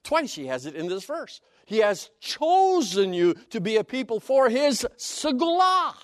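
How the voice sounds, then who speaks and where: A man's voice: sits high, no echo, studio quality. A man preaching a sermon as Bible teaching, stressing key words emphatically and explaining Hebrew terms one by one.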